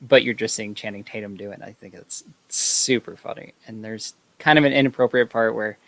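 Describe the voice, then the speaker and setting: Brief: low, gravelly-voiced man, casual rambling film recap with lots of fillers. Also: brisk, a bit bright, no echo. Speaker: video host.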